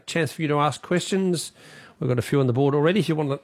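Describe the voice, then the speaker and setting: An Australian man hosting a radio talkback show, brisk and chatty as he takes callers. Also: on the high side, lively intonation. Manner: brisk, chatty, reads out the phone number. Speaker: radio host.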